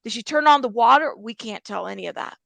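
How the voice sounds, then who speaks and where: Woman doing true crime reaction commentary, chatty, slightly high voice, dry close sound. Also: animated, fast, gravelly, fairly bright tone, no echo. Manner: chatty, addresses viewers directly.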